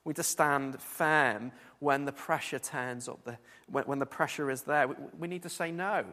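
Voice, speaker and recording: Earnest guy giving a sermon, bright sharp voice, lots of restarts, echoey hall. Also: mid-range voice, normal speed. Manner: earnest, repeats words while building points. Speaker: preacher.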